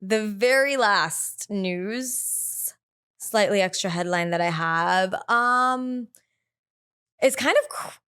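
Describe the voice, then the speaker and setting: A woman hosts her own podcast in relaxed, candid chat. Her voice is smooth and clear, with a mid-range pitch. She swears freely and scatters "like" through her sentences. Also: slow. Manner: chatty and candid, swears freely, many "like" fillers. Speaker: podcast host. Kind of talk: casual solo podcast chat.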